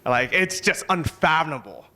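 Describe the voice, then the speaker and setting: A man giving a motivational talk on a conference stage, casual and energetic, swearing now and then. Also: a little high, moderate pace, soft background music. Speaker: conference speaker.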